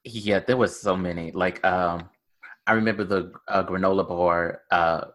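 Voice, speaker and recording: A man's voice: low-pitched, steady tone, moderate pace, fairly bright tone. A man chatting casually as a co-host, telling a story with fillers. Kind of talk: casual chat.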